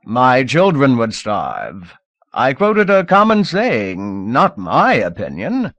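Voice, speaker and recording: A man's voice: mid-range voice, big pitch swings, unhurried, a bit bright, dry recording, voice pushed up. A man voicing a nervous, fawning male slave auctioneer who pleads and chants bids. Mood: pleading. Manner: pleading, wheedling, sing-song chanting.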